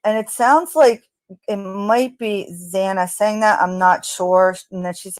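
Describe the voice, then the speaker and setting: A woman slowly recounts overheard lines one by one, pausing on fillers as she goes. Her pace is unhurried and deliberate. The sound is close and dry, with no room around her. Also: mid-range voice, no echo. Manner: recounts quoted lines flatly, with hesitant fillers. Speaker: recording analyst narrator. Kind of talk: reading out an audio transcript.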